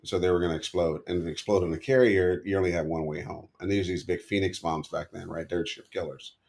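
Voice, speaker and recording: Fast-talking deep gravelly man. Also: fairly even intonation, a little mellow. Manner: rambling, self-correcting war stories. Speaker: podcast guest. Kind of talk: storytelling in an interview.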